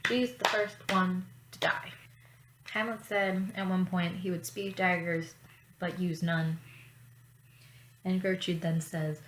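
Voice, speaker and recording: A woman vlogging in casual chat, talking in a chatty, profane way with quick asides. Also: fairly low pitch, steady tone, a bit bright. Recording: roomy echo, faint ambience.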